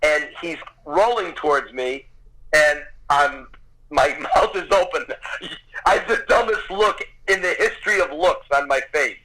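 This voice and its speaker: Bright, lively male storyteller. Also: a little high, measured pace, slight background noise, low-quality recording. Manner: vivid storyteller, swears casually. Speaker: podcast guest. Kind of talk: animated anecdote telling.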